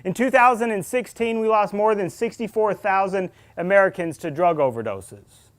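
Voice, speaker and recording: A man with a fairly high voice gives a public talk to a community audience. He tells stories earnestly, speaks straight to the listeners, and voices the people he met as he recounts them. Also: moderate pace. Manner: earnest storyteller, acts out dialogue, speaks to the crowd directly. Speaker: state police officer giving a community talk.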